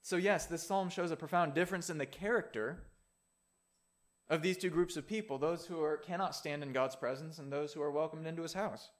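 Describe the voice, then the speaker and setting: A man preaching in an easygoing, conversational way, his voice sitting a little higher than most men's. He mixes earnest teaching with playful asides. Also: fairly quick. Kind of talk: sermon.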